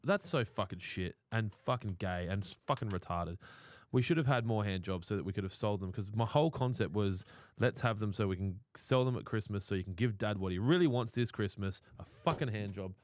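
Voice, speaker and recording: A brash Australian man with a slightly low voice, co-hosting in blunt, profane casual chat. He sounds close and dry, with almost no room sound. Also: fairly quick, hardly any pauses, no room sound. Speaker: podcast co-host.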